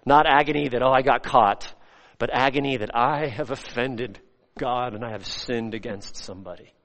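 A male pastor preaching a sermon, swinging between loud, rising emphasis and soft, hushed lines. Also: medium pitch, fairly even intonation, normal speed. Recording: long hall reverb.

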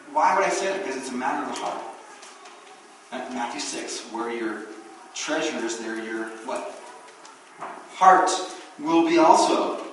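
Animated preacher in an echoey church. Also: male voice, medium pitch, slight background noise. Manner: animated preaching, acts out quoted voices. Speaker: pastor. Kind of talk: sermon. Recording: very echoey room, distant mic.

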